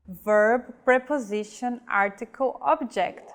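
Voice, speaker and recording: Slow, careful woman teacher. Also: on the high side, expressive. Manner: slow, careful, enunciating example words. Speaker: language teacher. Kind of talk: slow scripted pronunciation lesson.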